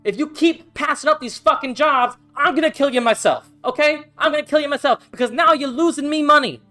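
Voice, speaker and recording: A man voicing a portly human mercenary boss who shouts and curses in a fury. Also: fairly high pitch, moderate pace, faint music behind, voice pushed up. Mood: furious. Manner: shouting, cursing, fuming.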